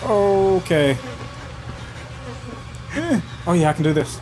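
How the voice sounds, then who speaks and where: With a high, sing-song voice and a slow pace, a gaming channel host plays a horror game at his home setup, background noise audible alongside the game's music. He reacts jumpily, tossing out nervous jokes and swearing constantly.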